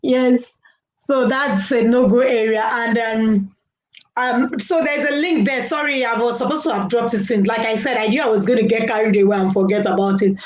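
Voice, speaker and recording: A woman's voice: on the high side, moderate pace, low-quality recording. A middle-aged woman, chatting casually on a live stream, laughing often and talking to viewers. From Nigeria. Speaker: live-stream host reading viewer comments.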